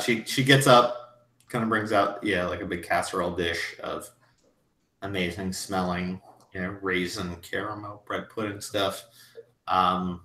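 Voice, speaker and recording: A man narrating as game master of a tabletop role-playing game in a relaxed, meandering way. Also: low voice, slight background noise. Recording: roomy echo.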